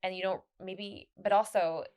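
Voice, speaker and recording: A woman hosting a casual podcast conversation, talking in rambling, animated bursts with frequent restarts and laughter. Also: medium pitch, moderate pace, smooth. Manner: rambling, many restarts and fillers. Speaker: podcast host.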